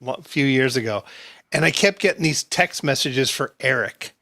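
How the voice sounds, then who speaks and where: Bright, animated man telling a story. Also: mid-range voice, normal speed. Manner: animated storyteller, acts out quotes, laughs often. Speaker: podcast host. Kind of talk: casual storytelling chat.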